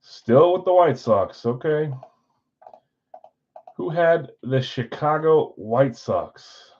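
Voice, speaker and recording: A man's voice: fairly high pitch, lively intonation, takes it slowly, a little mellow. Casual man hosting a live card break. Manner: casual, thinking aloud, upbeat countdowns. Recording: dull lo-fi stream audio.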